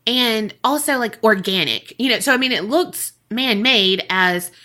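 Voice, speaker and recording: Slow, bright-voiced woman storyteller. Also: fairly high pitch, animated. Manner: casual, profane, laughs often. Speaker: podcast co-host. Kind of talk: casual storytelling chat.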